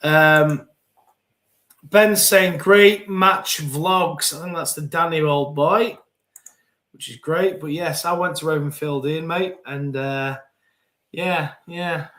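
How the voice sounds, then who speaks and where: A man's voice: a little high, slow, pauses often, fairly bright tone. A man in his forties hosting a live football podcast, reading out viewer comments in a chatty, rambling way and often repeating words. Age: 40s. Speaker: podcast host.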